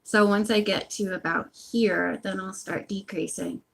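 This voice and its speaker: A woman's voice: mid-range voice, fairly even intonation, unhurried, vocal fry. A woman casually chatting on a phone livestream at home while she knits, rambling with lots of asides. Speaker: audiobook channel host.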